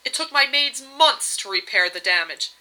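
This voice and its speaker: A woman reading aloud, voicing a regal goddess wife who is doting but reproachful, in a bright voice. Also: sits high, lively intonation, normal speed, voice pushed up, full character voice, rough recording. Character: regal goddess wife, fussy and sweetly demanding.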